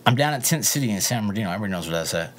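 Young guy cursing his way through a long story, lowish voice, bit of background hiss. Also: lively intonation, very fast. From Southern California. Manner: profane, rambling, drifts between loud asides and low muttering. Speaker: interview guest. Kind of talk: rambling casual storytelling.

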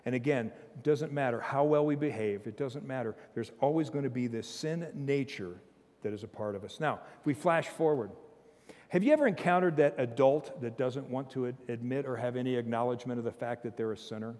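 A man preaching a sermon as pastor, emphatic, swinging from loud bursts to low, intense passages, with humorous asides and chuckles. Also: a little fast, in a large hall. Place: church sanctuary.

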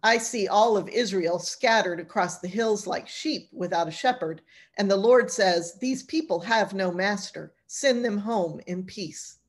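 A woman's voice: medium pitch, unhurried, close to an everyday voice. A woman voicing a weary, honest ancient male prophet in a storytelling lesson, speaking in a resigned, plainspoken way.

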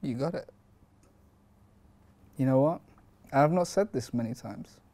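Deadpan man coaching acting. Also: medium pitch, measured pace. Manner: deadpan, clipped, self-assured. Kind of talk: comedy sketch, deadpan.

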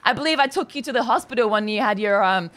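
A woman's voice: on the high side, fast talker, fairly bright tone. Chirpy woman playing a campaign manager. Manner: cheerful and chatty, with frequent laughs and fillers. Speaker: campaign manager in game role-play. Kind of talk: game role-play.

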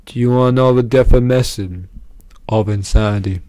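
Worn-out rambling man with a mellow voice. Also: mid-range voice, normal speed. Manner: rambling, repetitive, self-mocking. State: exhausted, worn out. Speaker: YouTuber. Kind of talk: unscripted rambling vlog monologue.

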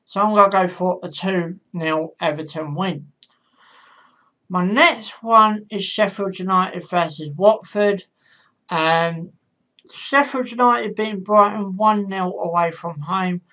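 Speaking slowly in a mid-range voice that sounds pushed and bright, this football channel host offers match predictions. Her delivery is casual and tentative, full of ums and corrections of herself.

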